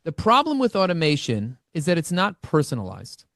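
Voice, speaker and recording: A man speaking as an interview guest, telling energetic stories and acting out both sides of conversations. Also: on the high side, a little fast, no echo, clean studio sound. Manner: animated, acts out dialogue with shifting voices. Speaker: podcast guest, marketing expert.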